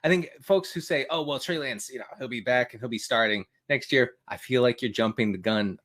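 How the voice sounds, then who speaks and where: A man's voice: mid-range voice, fairly quick, fairly bright tone. A man co-hosting a casual football chat, delivering his lines with mock drama and laughing along. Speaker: fantasy football analyst co-host.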